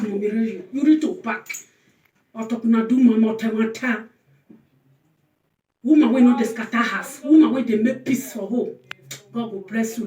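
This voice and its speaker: A woman with a Nigerian accent, warmly pouring out repeated birthday blessings in a casual vlog. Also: fairly high pitch. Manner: effusive, repetitive blessings, mixes pidgin with local language. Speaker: food channel vlogger. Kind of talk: casual birthday greeting to camera. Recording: roomy and distant from the mic.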